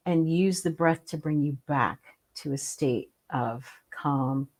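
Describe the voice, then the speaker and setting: A woman hosting a casual conversation, speaking gently and reflectively and guiding listeners through calm breathing. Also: deep voice, takes it slowly. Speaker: host, spiritual teacher. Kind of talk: casual conversation on a video call.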